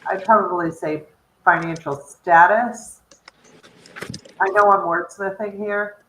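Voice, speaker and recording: Bright-voiced woman on an echoey video call. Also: mid-range voice, steady tone, slow, slight background noise. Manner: picks at wording, fills with "like" and "um". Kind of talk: casual video-call meeting.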